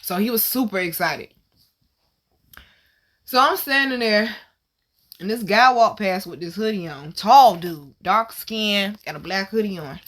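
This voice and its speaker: Bright-voiced woman telling a story. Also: medium pitch, a little slow, long pauses. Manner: animated, profane, slangy retelling. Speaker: vlog host. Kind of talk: casual storytelling.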